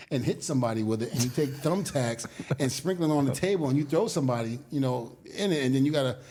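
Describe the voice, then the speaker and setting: A man telling stories in an interview, animated, acting out quotes and laughing often. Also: medium pitch, fast talker. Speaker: guest, former wrestler. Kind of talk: storytelling interview.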